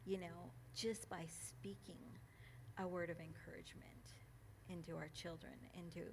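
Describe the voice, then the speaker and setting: A woman speaking at a church gathering, reading a passage and reflecting on it, emotional and quick to laugh, with many ums and restarts. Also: lowish voice, flat delivery, creaky, darkish tone, slight background noise. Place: church meeting room.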